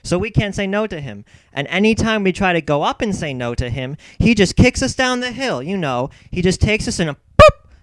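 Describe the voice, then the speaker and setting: Brief: anxious earnest villager, rambling plea, slightly raised voice, as a storyteller puts him on. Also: male voice, sits high, big pitch swings, moderate pace, fairly bright tone, dry recording, pitched above the performer's own voice, low-quality recording. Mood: pleading.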